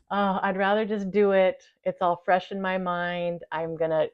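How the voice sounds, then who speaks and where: A woman with a low voice talks casually to her channel's viewers, chatty and quick to laugh. She warmly thanks them as she goes. The recording sounds a little dull and lo-fi. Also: fairly even intonation. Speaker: channel host. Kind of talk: casual talk to camera.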